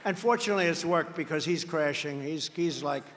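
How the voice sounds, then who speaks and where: An older American man giving a rambling, boastful campaign rally speech, breaking into sudden shouts. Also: on the high side, a little fast. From United States. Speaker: political candidate. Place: large rally venue. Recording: reverberant hall with a long echo.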